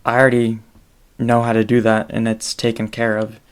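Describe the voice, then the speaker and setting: A man hosting his own solo podcast, talking in a rambling, halting way with many fillers. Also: medium pitch, monotone, clean tone. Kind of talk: casual solo podcast monologue.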